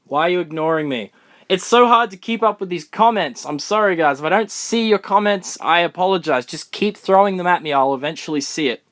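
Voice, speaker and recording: A young man from Australia chatting excitedly through a live Q&A stream, recorded on his phone in a room of books. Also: sits high, fairly quick. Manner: chatty, excitable, answers comments on the fly. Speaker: fan vlogger. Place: room full of books, indoors.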